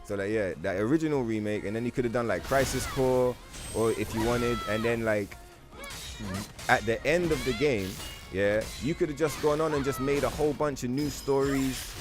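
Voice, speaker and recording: A man livestreaming a game, talking to his chat in a rambling, profane, animated way. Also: mid-range voice, normal speed, over music. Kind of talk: casual gaming stream chat.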